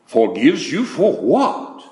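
An older man voicing a stern, formal elderly preacher who speaks slowly and deliberately. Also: fairly high pitch, wildly swooping pitch, a little mellow, roomy sound, heavily acted.

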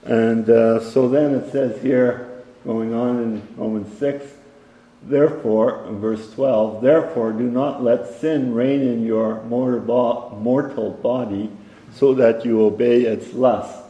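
A man teaching a Bible study, halting often with fillers and reading verses aloud. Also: mid-range voice, steady tone, warm tone, muffled recording. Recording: echoey hall with long reverb.

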